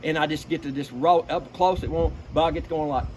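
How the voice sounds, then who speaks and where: A middle-aged man talks in a slightly high voice, folksy and lively. He breaks off to imitate duck calls. Clear background noise runs under the recording. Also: fast talker. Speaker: duck-calling expert. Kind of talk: casual explanatory chat with vocal demonstrations. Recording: noisy background.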